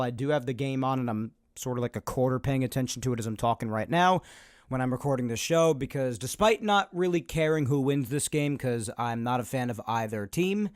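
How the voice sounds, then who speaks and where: A man hosting a casual podcast, talking in a chatty, ranting way while raspy from phlegm. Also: medium pitch, no room sound, clean studio sound. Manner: chatty, ranting, loud energetic openings. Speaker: podcast host. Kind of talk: casual solo podcast talk.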